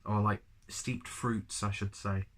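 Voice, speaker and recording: A man's voice: on the low side, little pitch movement, slow pace, a bit bright. A man with a cold and a stuffy nose, reviewing a beer in a rambling, chatty, self-deprecating way. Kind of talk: casual review vlog.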